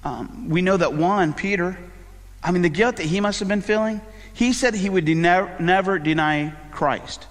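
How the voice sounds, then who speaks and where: Chatty pastor in a reverberant sanctuary. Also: male voice, sits high, normal speed. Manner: conversational, rambling with fillers and asides. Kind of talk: sermon. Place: church sanctuary.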